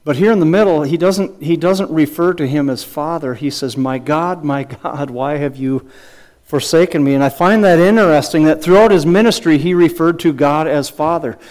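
A man's voice: on the high side, normal speed, darkish tone. Earnest man preaching a sermon. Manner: earnest teaching with rhetorical questions and scripture quotes; frequent restarts and fillers, chuckling asides. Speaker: pastor.

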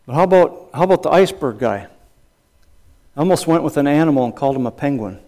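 A man preaching from the pulpit, his voice sitting a little high for a man. He talks emphatically, repeats his phrases and asks the congregation rhetorical questions as he makes his points. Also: animated, fast, mellow. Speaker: pastor and counselor. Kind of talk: sermon.

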